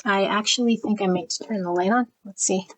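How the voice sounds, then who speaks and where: A woman giving a pick-a-card tarot reading, talking quietly and evenly and reading card meanings as lists of words. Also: a little fast, low-quality recording. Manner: quiet, even and low-key, trying not to be loud early in the morning. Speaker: tarot reader.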